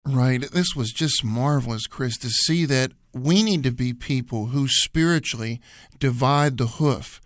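A man's voice: medium pitch, measured pace, no room sound, studio quality. A man co-hosting a radio Bible program, teaching in an earnest, emphatic, repetitive preacher's manner.

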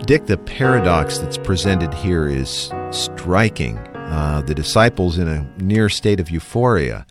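A man's voice: deep voice, expressive, unhurried, over music. A man hosting a radio Bible discussion, talking in an earnest, reflective way. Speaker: radio program host.

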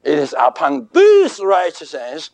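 Man, preacher, sermon, high voice, slow, emphatic phrasing. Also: huge pitch swings, vocal fry, a little mellow, no echo.

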